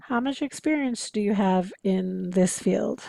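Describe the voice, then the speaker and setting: A woman's voice: mid-range voice, measured pace, vocal fry, hardly any pauses, warm tone, no room sound. A woman lecturing interpreting students over slides, explaining in an encouraging, practical way. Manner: explanatory, encouraging, occasionally laughing. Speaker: interpreting instructor.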